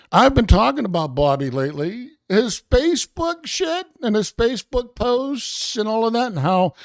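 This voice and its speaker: High, lively-voiced man hosting a show. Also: dry recording, studio quality. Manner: sarcastic, meandering, talks to chat. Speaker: show host. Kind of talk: rambling commentary.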